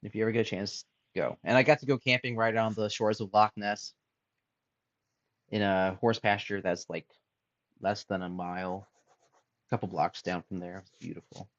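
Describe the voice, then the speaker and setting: A man chatting casually on a drawing stream, musing aloud softly as he sketches. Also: fairly low pitch, steady tone, normal speed, dry recording, muffled recording. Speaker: streamer and artist. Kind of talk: casual chat while drawing.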